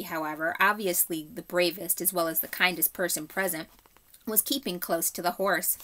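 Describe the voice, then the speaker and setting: A woman teacher reading a storybook aloud to her class in a measured, expressive way. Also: lowish voice.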